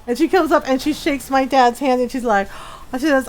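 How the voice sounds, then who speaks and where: A woman with a bright, high voice chats casually over her gameplay stream. She tells a long personal story, laughs often and changes her voice for each person she quotes. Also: brisk, slight background noise, poor audio. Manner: animated, laughs often, acts out quoted people. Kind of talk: casual storytelling while gaming.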